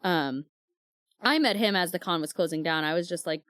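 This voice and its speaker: A woman's voice: on the low side, moderate pace, fairly bright tone, dry recording, studio quality. A woman co-hosting a book club podcast, telling stories in casual chat with lots of fillers and acted-out quotes. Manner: chatty storyteller, many fillers, acts out quoted dialogue.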